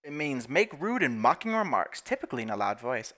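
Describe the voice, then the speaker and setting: A man's voice: mid-range voice, sing-song, fairly quick, bright, forceful tone. A young man giving casual, profane commentary on a life-simulation game, laughing often and putting on mocking voices. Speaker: gaming video creator.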